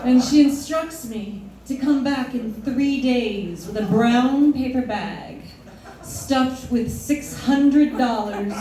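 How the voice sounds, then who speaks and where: A woman telling a personal story live on stage in an animated, self-mocking way, often laughing through her lines. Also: a little high, slow, slight background noise. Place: stage in a hall before an audience. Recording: echoey hall, distant mic, audience.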